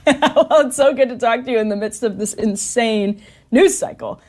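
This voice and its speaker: A woman's voice: on the high side, moderate pace, darkish tone. A woman hosting a casual chat show, chatty and laughing often as she talks. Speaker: host.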